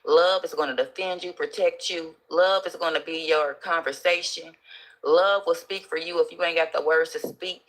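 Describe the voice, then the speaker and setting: A woman casually telling a story as a guest, animated and acting out the voices of the people in it. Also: sits low, moderate pace.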